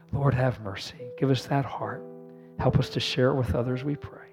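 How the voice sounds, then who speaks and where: A man's voice: mid-range voice, steady tone, normal speed, music in the background. A man, a pastor, leading an earnest sermon prayer, calling the congregation to repeat responses after him.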